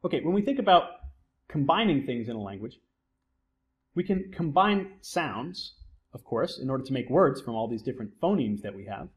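A man's voice: mid-range voice, very animated, moderate pace. A man giving a recorded psychology lecture, explaining terms step by step and often posing a question and then answering it himself. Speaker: psychology instructor.

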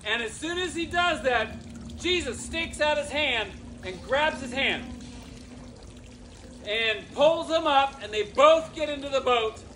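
A man's voice: very high voice, animated, unhurried, sharp tone. A man telling a Bible story to a youth club and having his listeners act it out and repeat lines. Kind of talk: animated Bible storytelling with audience acting parts. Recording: noisy crowd room. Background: crowd of teenagers echoing and laughing.

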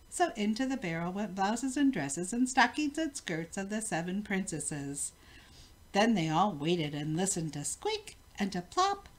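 An older woman, a grandmother, reading a rhyming picture book aloud in a rhythmic, expressive way. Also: mid-range voice. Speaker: storybook reader.

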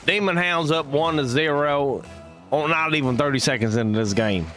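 A man's voice: on the high side, normal speed, a bit bright, faint music behind, voice pushed up, close to an everyday voice. A man putting on a Southern US accent as a folksy male esports caster, hyped and full of goofy made-up slang. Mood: excited. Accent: put-on Southern US. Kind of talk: live esports commentary.

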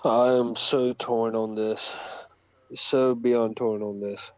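A man's voice: medium pitch, level tone, slow, dry recording, low-quality recording. A man on a casual wrestling podcast panel, hesitant and torn, with many fillers.

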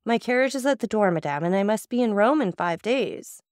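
A woman reading the lines of a composed, persuasive nobleman in an audiobook, courteous and measured. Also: medium pitch, lively intonation, darkish tone, clear, resonant tone, dry recording, clean studio sound, pitched above the performer's own voice, natural voice.

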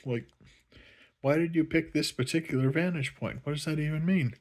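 A man's voice: on the high side, moderate pace, a little mellow. A man rambling sarcastically through a casual movie review vlog. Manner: sarcastic, rambling, laughs often. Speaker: vlogger reviewing a film.

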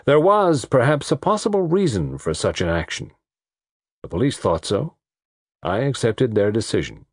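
A man's voice: normal speed, dry recording, studio quality. A man reading a detective story aloud as an audiobook narrator, acting out the dialogue. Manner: reads in low, lively voice, acting out dialogue. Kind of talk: scripted narration.

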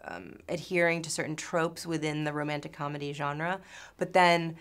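A woman's voice: low-pitched, fairly even intonation, moderate pace, fairly bright tone, clear, resonant tone. A woman from New York in her thirties, an actress answering interview questions in a chatty way, full of fillers and restarts.

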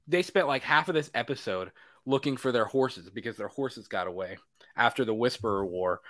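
A young man co-hosting a casual chat show, animated, swearing, acting out his own reactions. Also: lowish voice. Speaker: podcast co-host.

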